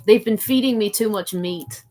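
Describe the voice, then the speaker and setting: A woman's voice: medium pitch, normal speed, warm tone. A young adult woman live streaming, reading chat aloud in a playful, rambling way, often saying "like" and slipping into silly voices.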